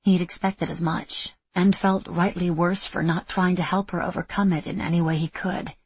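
A woman narrating a novel in a steady, even reading style. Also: lowish voice, normal speed, breathy edge, no room sound. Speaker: audiobook narrator. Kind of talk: scripted narration.

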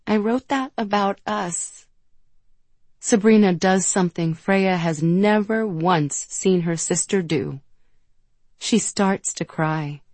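A woman narrating an audiobook in a measured, gentle storytelling manner, close to the mic. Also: fairly low pitch, no echo. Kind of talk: scripted narration.

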